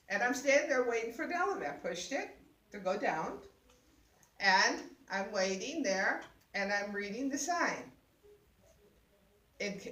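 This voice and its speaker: A woman's voice: a little high, fairly bright tone. Older woman telling a story, roomy sound. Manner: laughing, exclaiming, acts out voices. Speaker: guest sharing a personal story. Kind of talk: animated storytelling. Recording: roomy sound, mic at a distance.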